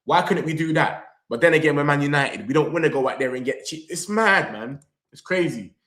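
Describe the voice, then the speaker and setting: Excitable young man. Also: fairly high pitch, fairly quick. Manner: animated, slangy, talks straight to viewers and reads comments aloud. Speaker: football fan channel host. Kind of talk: excited live reaction vlog. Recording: echoey room.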